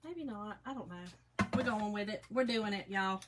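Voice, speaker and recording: A woman's voice: mid-range voice, moderate pace, heavy background noise. A middle-aged woman, hosting a casual crafting livestream and chatting folksily to her viewers as she works.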